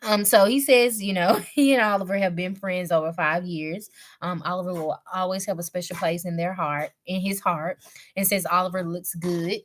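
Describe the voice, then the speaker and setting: A young woman giving a casual live recap, chatty and slangy with lots of fillers, clearing her throat from a cough. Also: on the low side, fairly even intonation, moderate pace. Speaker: show reviewer.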